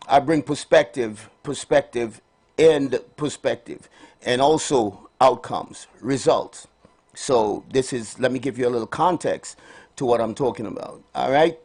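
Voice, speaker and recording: Male radio health host, slightly high-pitched, upbeat greeter with a preachy streak. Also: a little mellow. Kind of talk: live radio morning show chat. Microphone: studio microphone.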